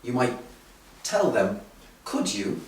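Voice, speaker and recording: A man teaching an English lesson, speaking slowly and clearly with emphasis on key phrases. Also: medium pitch, sing-song, recorded from a distance. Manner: slow, clear, drawn-out teaching with rising emphasis. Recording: roomy echo, voice from off the mic.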